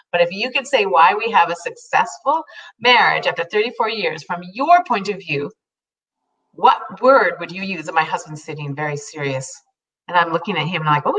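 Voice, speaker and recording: Heard from a distance on dull audio, this mid-range female voice belongs to a fifty-something co-host. She chats casually, laughs a lot, and acts out quotes as she spins her stories.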